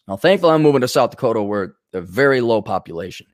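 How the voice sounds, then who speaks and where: A man's voice: medium pitch, big pitch swings, quick pace, hardly any pauses, no echo. Sarcastic podcast guy swearing through a rant, voice jumps up and down a lot, dry close mic. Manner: profane, sarcastic ranting. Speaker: podcast host. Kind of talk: ranting podcast chat, reading donations.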